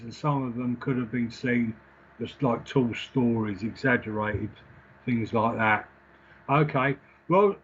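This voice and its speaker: A man working as a psychic medium and giving a live spirit reading. He talks in a gentle, reassuring way and keeps checking in with "okay?" and "all right?". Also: mid-range voice, husky. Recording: slightly dull lo-fi stream audio.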